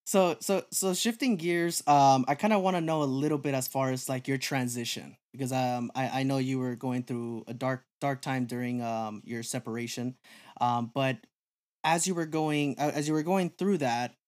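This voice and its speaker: A man hosting a casual interview, asking questions in a relaxed, affirming way with hesitant fillers. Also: mid-range voice, moderate pace. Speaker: podcast host interviewer.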